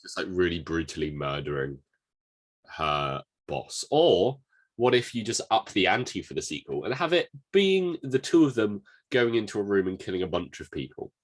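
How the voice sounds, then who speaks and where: A man co-hosting a podcast tosses out playful questions in casual movie chat. His voice is very deep, and its pitch swings lively and wide. He talks from a home microphone. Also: normal speed. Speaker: podcast co-host. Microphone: home microphone, remote call.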